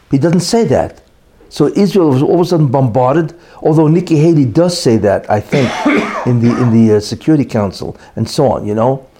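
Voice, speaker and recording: An emphatic man delivers an opinionated monologue, his voice fairly high and swinging widely in pitch. His tone is dark and mellow, and he keeps firing rhetorical questions at the listener. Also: slightly rough. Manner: emphatic, rhetorical questions, frequent "you know".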